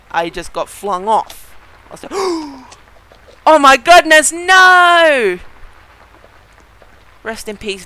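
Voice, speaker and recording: A gaming video host giving excited let's-play commentary, chatty with viewers, giggling and yelping at surprises. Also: mid-range voice, a little hiss or hum, poor audio. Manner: chatty, talks straight to viewers.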